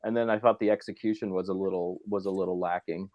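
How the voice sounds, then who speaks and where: A man's voice: sits low, steady tone, fast, a little mellow, highs cut off. Wry man critiquing a film. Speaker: podcast co-host. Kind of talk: casual film discussion.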